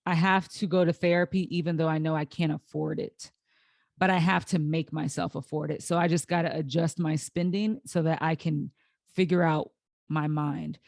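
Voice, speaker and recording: A woman's voice: sits low, steady tone, normal speed, vocal fry, a little mellow, no echo. Candid woman near tears, dry sound. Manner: candid, emotional, many restarts and fillers. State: close to tears. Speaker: podcast host. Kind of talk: solo podcast storytelling.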